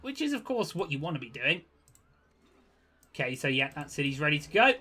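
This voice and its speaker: A young man giving casual gameplay commentary, chatty and quick to get exasperated, with jokey asides. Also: on the high side, huge pitch swings, gravelly, sharp tone. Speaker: gaming video creator.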